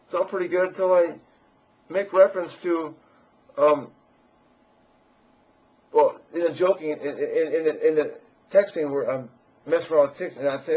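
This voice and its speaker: A man's voice: on the high side, steady tone, unhurried, long pauses, darkish tone. A man in a crude, boastful, meandering personal monologue, recorded lo-fi and muffled.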